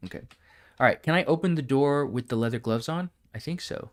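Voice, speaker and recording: A man's voice: mid-range voice, fairly quick. A man streaming a game live, chatting casually and thinking aloud, often breaking into laughs.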